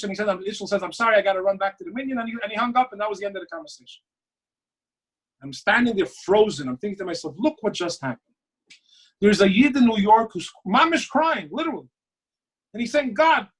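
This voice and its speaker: A man's voice: high voice, fairly bright tone, slightly rough, rough recording. A man, a rabbi, telling a story to students in a sermon, acting out phone calls and dialogue as he goes.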